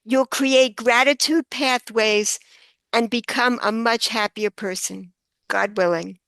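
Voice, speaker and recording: An older woman, a guest author on a podcast, telling a story earnestly and slowing down for emphasis. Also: a little high, fairly even intonation, creaky, a bit bright, no echo. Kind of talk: podcast interview.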